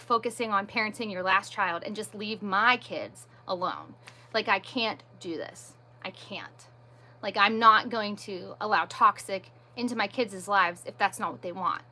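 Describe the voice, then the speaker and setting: A woman's voice: fairly high pitch, pushed and bright. A woman hosting a casual livestream, venting emphatically and repeating herself, with frequent "like". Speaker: livestream host.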